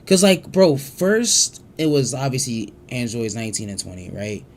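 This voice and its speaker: A man giving casual reaction commentary as a streamer, excitable, profane and rambling with frequent restarts. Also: medium pitch, moderate pace.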